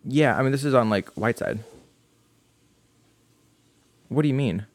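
A man's voice: mid-range voice, expressive, quick pace. A young man telling a story in casual chat as a podcast co-host, laughing often.

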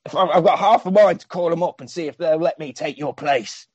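A hot-tempered one-eyed older brother yells and scolds in a pitched-up, strained voice, put on by a man retelling a film. His insults come out loud and sharp, with the bite of a sibling who is fed up. The voice is dry and close. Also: brisk, breathy edge, no echo, lo-fi sound. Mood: scolding.

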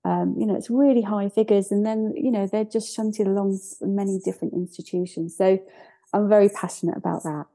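A woman's voice: mid-range voice, fairly even intonation, brisk, dark tone. A woman in her forties, raised in Scotland, speaking earnestly as a podcast guest, hesitant with frequent restarts. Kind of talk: reflective interview talk.

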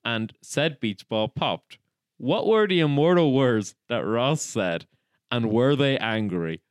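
Young male podcast co-host, teasing, smooth voice, lively swings. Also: mid-range voice, slow, no room sound, clean studio sound. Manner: playful, teasing, laughs often. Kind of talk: casual comedic chat. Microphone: studio mic.

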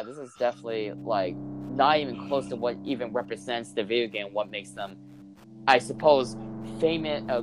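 Blunt reviewer over background music. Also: medium pitch. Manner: blunt, exasperated opinions. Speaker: movie reviewer. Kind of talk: casual chat.

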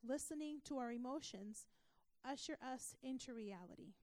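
A woman's voice: sits high, moderate pace, a little mellow, no echo. A woman pastor teaching a church class, earnest and emphatic, asking her listeners questions.

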